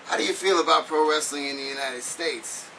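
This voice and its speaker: A man's voice: on the high side, a little fast. Needling male interviewer, distant mic. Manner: joking, needling questions. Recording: distant mic with clear background noise.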